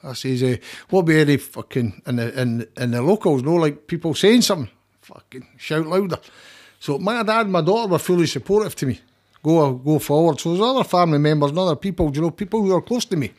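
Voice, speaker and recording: A man's voice: a little high, expressive, fast, a little mellow. A middle-aged man with a Scottish accent, talking as a guest in a heated, emphatic, sweary way with many restarts. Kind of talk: casual interview chat.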